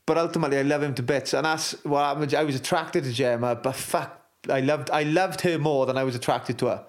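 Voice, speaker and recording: A man's voice: on the high side, steady tone, quick pace. A Welsh man in his forties, a former rugby captain, talking candidly in an interview, blunt and full of swearing and restarts. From Wales.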